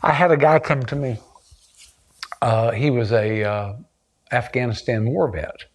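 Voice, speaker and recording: A middle-aged man speaks as a therapist in an earnest, conversational way. He tells stories from his practice and lifts his voice to act out what others said. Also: unhurried. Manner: earnest, acts out quoted voices with rising pitch. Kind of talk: conversational storytelling.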